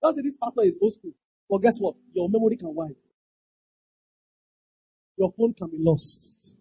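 A pastor preaching a sermon, emphatic, repeating lines and breaking into shouted exclamations. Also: medium pitch, big pitch swings, normal speed, no room sound. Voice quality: very husky. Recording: dull lo-fi dry recording.

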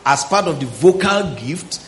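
A man delivers a Bible teaching sermon in a high, ringing voice. He keeps checking with his listeners and draws out words for weight. The room is echoey and faint ambience sits underneath. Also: expressive, measured pace, a little hiss or hum. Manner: questioning the congregation, drawing out words for emphasis. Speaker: pastor.

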